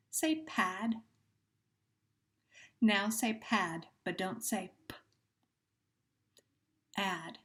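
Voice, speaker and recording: A woman teacher runs a sound-deletion drill at a very slow, careful pace. She stretches out each repeated word and praises the listener with patient encouragement. Her pitch sits in an ordinary middle range. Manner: slow, deliberate, stretches words when repeating them. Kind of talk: phonemic awareness drill lesson.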